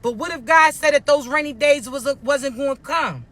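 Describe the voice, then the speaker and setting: A man preaches tough-love encouragement in a very high voice. His talk is bright and blunt, and it is full of profanity and repeated warnings that he is not playing. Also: moderate pace. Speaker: spiritual motivational speaker. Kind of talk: preachy motivational monologue to viewers.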